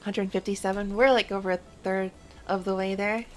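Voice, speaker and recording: A woman's voice: mid-range voice, flat delivery, a little fast, faint music behind. A woman streaming a game and chatting casually, rambling in a playful, self-mocking way. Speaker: VTuber streamer.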